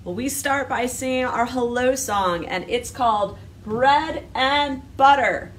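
Woman singing a hello song for kids at storytime, a bit high, slow and easy, far from the mic with steady noise behind. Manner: sing-song, coaxing children to answer. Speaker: librarian leading storytime. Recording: distant mic with clear background noise.

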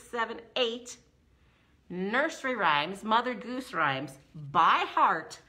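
A woman's bright, high voice swoops up and down as she leads a preschool story time. She talks slowly and with exaggerated sing-song cheer for little children, the way a middle-aged librarian reads rhymes aloud.

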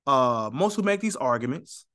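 A man's voice: mid-range voice, lively intonation, normal speed, fairly bright tone. A man giving heated talk-to-camera religious commentary, emphatic and sarcastic, repeating his points and speaking straight to viewers.

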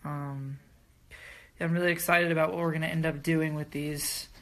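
Relaxed man showing off his artwork. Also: fairly high pitch, normal speed. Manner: relaxed, casual explaining with fillers. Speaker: artist showing his work. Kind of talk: casual video update.

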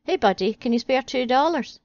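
A woman's voice: high voice, expressive, a little fast, a little mellow, no room sound, pitched above the performer's own voice. A woman voicing a down-and-out man who begs a stranger for money, in a dry, slightly dull recording. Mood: pleading. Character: down-and-out male bum, wheedling and hungry.

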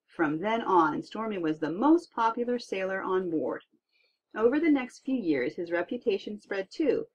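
Woman storyteller, animated read-aloud, slightly breathy, muffled recording. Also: lowish voice. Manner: lively expressive read-aloud. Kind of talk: storybook reading. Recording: dull lo-fi recording.

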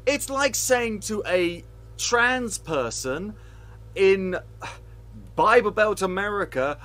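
Man, film podcast co-host; high, lively voice, heated sarcastic rant. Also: slow pace. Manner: heated, sweary, sarcastic ranting. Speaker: podcast co-host reviewing films.

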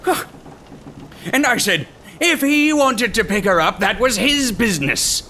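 A man narrating a comic short story in the first person as a gruff pirate, using pirate grammar with dry comic timing. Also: sits high, expressive, normal speed, bright, forceful tone, a little hiss or hum.

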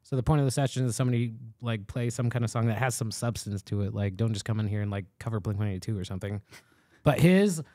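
Fast-talking man telling stories. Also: on the low side, no echo, clean studio sound. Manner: swearing, animated storytelling. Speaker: podcast host. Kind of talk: casual chat.

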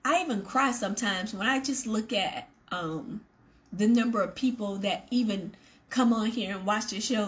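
A woman's voice: mid-range voice, normal speed. Earnest woman hosting a devotional show. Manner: earnest, emphatic repetition and asides to the audience. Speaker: ministry show host. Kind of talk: devotional talk to viewers.

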